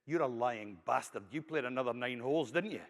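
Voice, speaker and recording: A man's voice: on the high side, quick pace, gravelly, fairly bright tone, big-room sound, a little hiss or hum. A Scottish man voicing an angry, unimpressed wife in a joke he tells. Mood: scornful.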